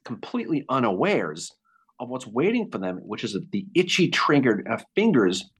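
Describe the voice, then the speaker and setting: Husky guy telling war history, voice jumps all over, super animated. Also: mid-range voice, moderate pace. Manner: animated, acts out quotes. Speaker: podcast host. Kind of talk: casual history storytelling.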